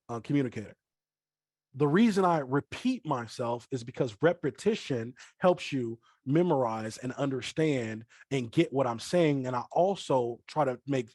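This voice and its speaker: A man's voice: medium pitch, a little mellow, no room sound, clean studio sound. A middle-aged man leading a live online trading class, talking to the chat and repeating points on purpose as a teaching tool. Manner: repeats himself on purpose, addresses chat directly. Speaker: forex trading trainer. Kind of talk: live online training call.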